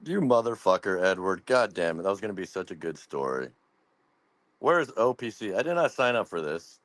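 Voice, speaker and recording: A man with a lowish voice hosts a roast, riffing jokes and crude banter. His voice sounds close and dry, with little room sound. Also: big pitch swings, a little fast, fairly bright tone, dry recording. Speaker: host. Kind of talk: casual comedic roast chat.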